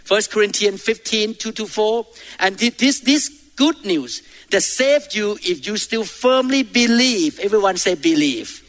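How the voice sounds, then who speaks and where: Bright high-voiced man preaching slowly. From Thailand. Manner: emphatic preaching with calls to the congregation. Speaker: pastor. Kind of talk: sermon. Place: church.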